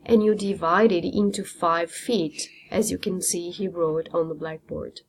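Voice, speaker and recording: A woman's voice: lowish voice, fairly even intonation, measured pace, background noise. A woman teacher, a native Italian speaker, explaining a literature lesson step by step with frequent ums. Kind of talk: classroom lecture.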